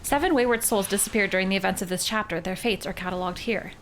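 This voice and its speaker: A woman's voice: mid-range voice, quick pace, a bit bright, a little hiss or hum. A woman from Canada, a live streamer, thinking aloud and chatting as she plays a mystery game.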